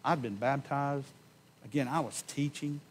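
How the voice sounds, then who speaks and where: A man preaching a sermon in a church, giving an impassioned personal testimony that swings from loud emphasis to hushed tones and slows on key words. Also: mid-range voice, slight background noise. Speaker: pastor. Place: church sanctuary.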